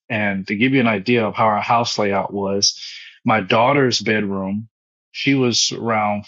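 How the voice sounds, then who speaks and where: On a muffled recording, a man in his thirties speaks in a lowish, slightly bright voice. A guest in an interview who founded a foundation after serving as a pastor, he recounts his personal story emotionally and repetitively.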